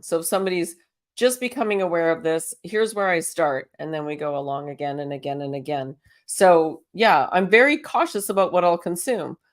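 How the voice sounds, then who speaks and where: The host, a woman with a medium-pitched voice, leads a relaxed talk on spiritual self-help. Her style is chatty and upbeat, with frequent laughter and runs of rhetorical questions.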